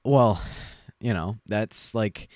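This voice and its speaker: A man's voice: fairly low pitch, slow, darkish tone, no room sound, clean studio sound. A young man hosting a podcast, telling a story in a rambling, wry way with lots of fillers. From Chinese family background. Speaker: podcast host. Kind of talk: casual monologue.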